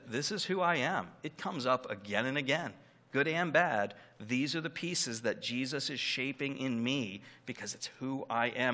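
Bright-voiced man preaching a sermon. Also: medium pitch. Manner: earnest, emphatic preaching with rising and falling emphasis. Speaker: pastor.

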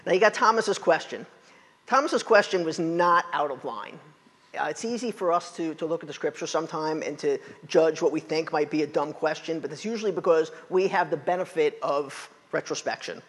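A fairly high-voiced man preaching a sermon, retelling scripture and acting out its quotes. His voice has a husky edge. It carries a long reverb, as in a large hall. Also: fairly quick. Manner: animated storytelling, acting out quotes.

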